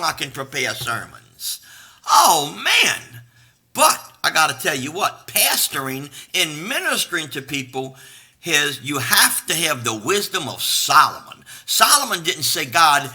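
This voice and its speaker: Brief: male pastor, live-stream sermon, unpolished and folksy, bright voice on the high side, husky edge. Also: big pitch swings, a little slow. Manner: folksy, talks straight and unpolished, greets viewers by name. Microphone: live stream to a camera.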